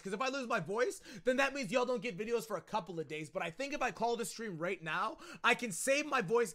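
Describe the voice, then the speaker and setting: A man streaming a video game live, excitable and loud, chatting with viewers and often repeating his phrases. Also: very high voice. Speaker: gaming streamer. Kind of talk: energetic livestream chat.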